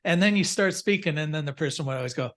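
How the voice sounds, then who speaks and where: Older man, slightly high voice, instructor type, loose rambling storyteller on a video call. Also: fast talker, fairly bright tone. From United States. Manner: rambling, anecdotal, many fillers and restarts. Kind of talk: casual classroom storytelling.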